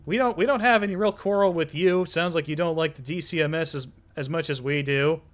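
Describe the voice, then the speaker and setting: A man narrating as game master of a tabletop game, relaxed, with many fillers and restarts. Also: on the high side, brisk.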